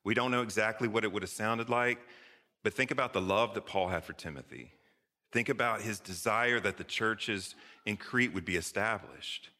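A man preaching a sermon with an easy, conversational warmth and playful asides. His lowish voice has a bright, forceful edge. It rings out through a large church hall with a long reverb tail. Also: moderate pace. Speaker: pastor. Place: church sanctuary.

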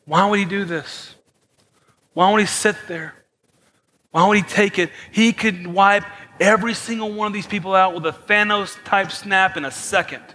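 A man preaching a sermon as pastor, moving between soft, hushed lines and raised, emphatic ones. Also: high voice, fairly even intonation, normal speed. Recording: long hall reverb.

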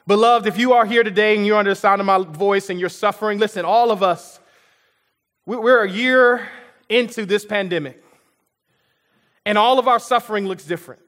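In a church auditorium, a male pastor with a high-pitched, fairly bright voice gives a sermon at normal speed. He keeps it conversational, with repeated phrases and asides to the congregation, and the audio carries a big-room sound.

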